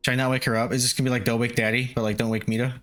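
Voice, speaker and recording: A man's voice: mid-range voice, flat delivery, very fast, a bit bright, faint music behind. A man streaming a game live, talking through it with constant swearing and panicky outbursts. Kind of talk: live gameplay commentary.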